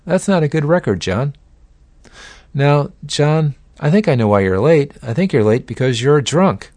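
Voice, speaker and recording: A man's voice: fairly high pitch, expressive, unhurried, darkish tone, no echo, voice pushed up. A man acting out a stern male boss who bluntly scolds a worker, repeating the worker's name as he lectures.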